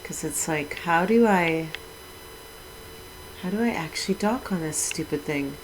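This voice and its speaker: A middle-aged woman streams a video game on Twitch, chatting casually with her viewers and letting out mild minced oaths as she plays. Her voice is low and a little slow, with background noise.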